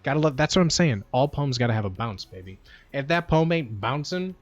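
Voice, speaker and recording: A man's voice: medium pitch, expressive, a little fast. A man chatting casually on a livestream, rambling and slangy and full of "like" and "bro.". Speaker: livestream streamer. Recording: dull lo-fi sound with faint music.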